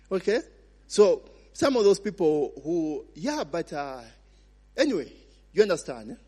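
A man's voice: sits high, big pitch swings, unhurried, dark tone, breathy edge. A man with a Ugandan accent preaching a sermon, asking the congregation to finish his sentences and mixing in Luganda phrases. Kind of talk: sermon with call-and-response questions. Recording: long reverb of a large hall.

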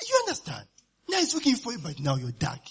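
A high-pitched, husky man preaches in a sermon style. His pitch swings widely as he checks in with his listeners and chuckles between points. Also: wildly swooping pitch, fast, fairly bright tone. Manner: call-and-response asides, often asks "you understand?" and "eh?", laughs while preaching.

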